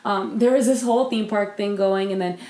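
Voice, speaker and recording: Warm and brisk, a woman's mid-range voice keeps a steady tone as she co-hosts a podcast. She chats loosely, restarting often and using many fillers, in a recording with roomy echo.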